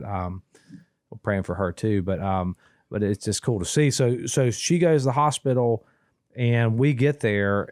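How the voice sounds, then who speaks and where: A man, his voice sitting a little low, tells a winding story with many restarts and quoted exchanges. It is casual podcast talk, recorded close and dry with no room sound. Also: darkish tone, dry recording. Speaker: guest telling a family story.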